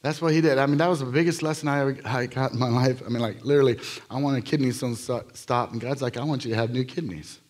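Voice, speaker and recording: A man preaching from a church stage, his voice sitting at a middle pitch. He tells stories in a lively, rambling way, jumping between jokes and earnest moments, with plenty of ums and restarts. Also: fast. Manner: energetic, jokey, rambling with frequent fillers and restarts. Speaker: guest preacher. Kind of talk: live sermon with healing testimonies. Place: church sanctuary.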